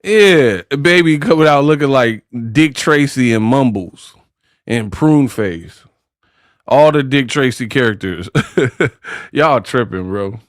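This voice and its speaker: A man's voice: medium pitch, animated, slow, dry recording, clean studio sound. A man doing casual live-stream commentary, joking and laughing in slangy banter with his chat.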